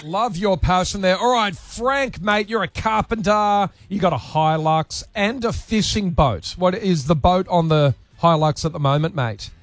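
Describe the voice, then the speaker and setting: A man's voice: sits high, unhurried, few pauses, a little hiss or hum. An Australian man hosting breakfast radio, upbeat and joking with callers. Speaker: radio host.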